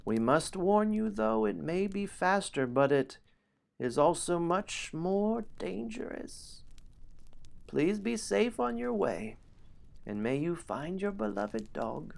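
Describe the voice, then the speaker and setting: A man's voice: high-pitched, very animated, takes it slowly, creaky, darkish tone, pitched above the performer's own voice, full character voice. A man voicing a kindly old gnome elder who gives an earnest, protective warning in a storybook game.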